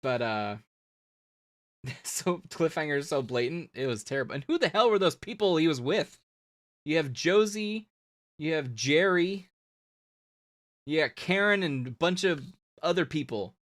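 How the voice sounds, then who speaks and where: A man's voice: a little high, lively intonation, measured pace, pauses often. A man hosting a comics live stream, chatting loosely and ranting to his viewers. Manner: loose, ranting, laughing, talks to chat. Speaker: comics show host. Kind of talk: casual live-stream wrap-up.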